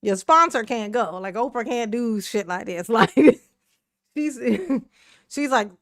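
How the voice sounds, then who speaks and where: A woman's voice: a little high, expressive, slow pace, a bit bright, no echo, clean studio sound. A woman hosting a casual commentary video, sassy and profane, laughing often as she reacts to a clip. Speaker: reaction channel host.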